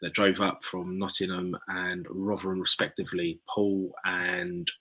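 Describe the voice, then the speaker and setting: Low-voiced English man, earnest storyteller. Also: level tone, a little slow, sharp tone. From England. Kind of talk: casual chat.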